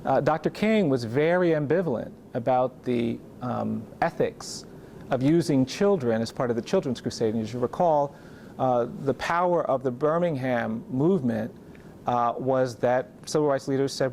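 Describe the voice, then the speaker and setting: A man explaining civil rights history in a measured, admiring way, with frequent fillers. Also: mid-range voice, vocal fry, a little mellow, slight background noise. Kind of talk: explanatory talk.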